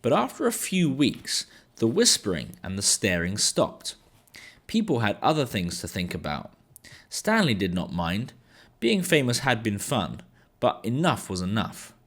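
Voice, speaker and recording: A man, an English teacher, reading a children's book aloud in an expressive storytelling manner. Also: on the low side, a little slow.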